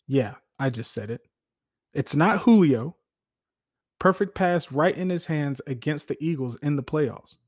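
A man hosting a casual sports talk show, animated, laughing often and restarting his sentences. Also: on the high side, unhurried. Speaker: podcast host.

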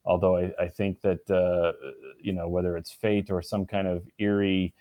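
A man answering interview questions in a relaxed, halting way, with many restarts and fillers. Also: low-pitched, no room sound, lo-fi sound. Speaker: guest. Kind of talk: casual interview conversation.

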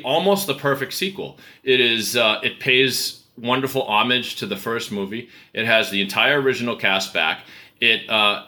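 Man, podcast co-host, very bright voice, rambling jokey banter. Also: fairly low pitch. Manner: rambling, self-interrupting, jokey. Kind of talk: casual banter.

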